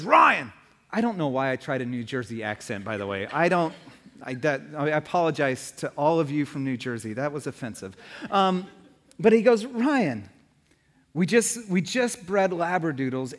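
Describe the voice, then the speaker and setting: A man's voice: high-pitched, a bit bright, in a large hall. A man in his thirties, a pastor, preaching a sermon full of humorous stories. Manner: humorous storytelling.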